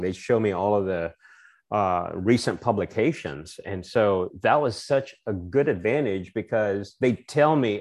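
A man from the Philippines, a guest on a video call chat, easygoing and chuckling, with halting restarts. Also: on the low side. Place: home office with bookshelves.

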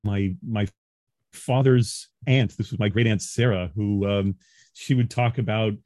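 Earnest low-voiced man from Long Island. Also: fairly even intonation, a little slow, a little mellow. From Long Island, New York. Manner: earnest, explanatory, laughs easily. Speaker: guest, adjunct professor. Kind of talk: casual interview talk. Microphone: video call.

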